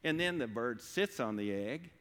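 A man's voice: mid-range voice, lively intonation, moderate pace, a bit bright. A middle-aged man, speaking as a guest speaker at church, folksy and self-deprecating. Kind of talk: humorous church talk. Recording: long hall reverb.

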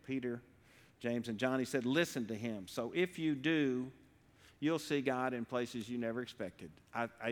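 A man speaks earnestly to a congregation, pausing and restarting his sentences. His mid-pitched voice carries the long reverb of a church hall. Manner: earnest, halting, with frequent restarts and slow pauses. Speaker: lay speaker at a church service. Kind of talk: earnest devotional talk. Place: church sanctuary.

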